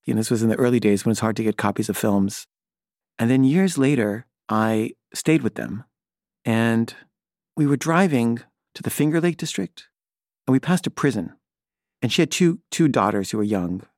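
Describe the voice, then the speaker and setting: A man's voice: mid-range voice, animated, moderate pace, darkish tone, no room sound. Man, middle-aged, rambling personal story, hesitant restarts, wry, dry close sound. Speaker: filmmaker telling a personal story.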